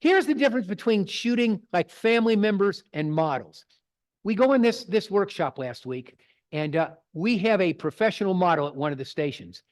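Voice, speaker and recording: A man's voice: high-pitched, lively intonation, normal speed. A middle-aged man, presenting to a photography club in a folksy, digressing storytelling way. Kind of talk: casual talk with slides. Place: club meeting room.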